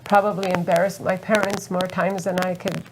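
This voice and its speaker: A woman from Alaska speaking earnestly on a festival panel, halting with many fillers and close to tears. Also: on the low side, flat delivery, noisy background. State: emotional, near tears. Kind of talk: panel talk, personal testimony. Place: festival roundtable.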